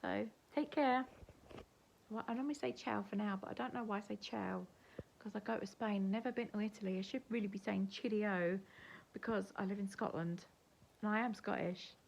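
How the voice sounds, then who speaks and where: A woman's voice: medium pitch, steady tone, brisk, vocal fry, dull audio, a little hiss or hum. An older woman with an English accent, rambling chattily to camera in a casual home vlog. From England. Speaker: vlogger. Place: at home, indoors.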